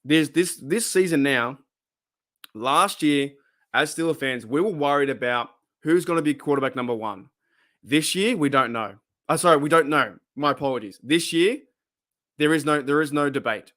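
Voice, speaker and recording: Chatty Australian bloke talking footy at home. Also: male voice, a little high, moderate pace, fairly bright tone. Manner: chatty, rambling, frequent restarts. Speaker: podcast host answering fan questions. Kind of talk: casual solo chat. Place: small home room. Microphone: desktop USB microphone.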